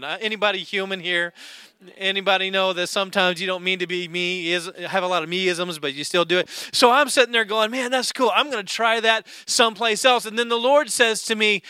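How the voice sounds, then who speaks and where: A man's voice: sits high, brisk, bright, forceful tone, clear, resonant tone, dry recording. A middle-aged man preaching a sermon, telling a story with animation and acting out the voices of people in it. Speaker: pastor.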